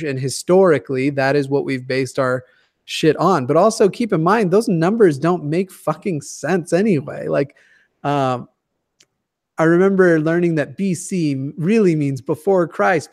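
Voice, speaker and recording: A man's voice: a little high, no echo, clean studio sound. A man in his twenties from the Denver area, a guest chatting casually in a profane, joking, rambling way. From Denver area, USA. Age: 20s. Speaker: guest YouTuber. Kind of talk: casual chat.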